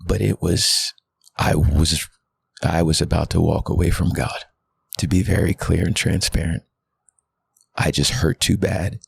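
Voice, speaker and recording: Pastor guy in his 30s, super deep and raspy, husky, earnest heartfelt testimony on a podcast. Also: steady tone, measured pace, pauses often. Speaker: guest pastor. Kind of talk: candid personal testimony.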